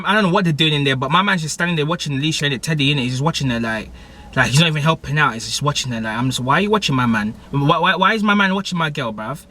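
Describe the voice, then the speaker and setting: A man's voice: on the high side, bright, forceful tone. A young man, recapping a TV episode in casual, rambling slang. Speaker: TV episode reviewer.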